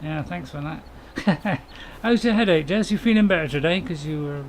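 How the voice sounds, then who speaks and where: A middle-aged man gives chatty, jokey live-stream commentary, chuckling and reading his viewers' messages aloud. His voice sits a little higher than most men's. A faint hum of ambient noise runs under his desk mic. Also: moderate pace, poor audio. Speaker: gameplay streamer.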